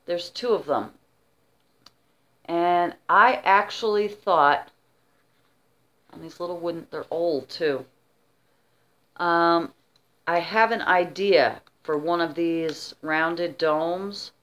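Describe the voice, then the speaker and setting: A woman's voice: on the low side, slow pace, long pauses, a bit bright. A middle-aged woman vlogger chatting casually while showing her auction finds, rambling with many asides. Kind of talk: casual show-and-tell chat.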